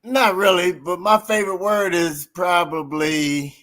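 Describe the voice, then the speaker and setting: A man's voice: high voice, steady tone, a little slow, a bit bright. A man, a comedian guest, answering questions in a laid-back, joking way. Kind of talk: casual interview chat.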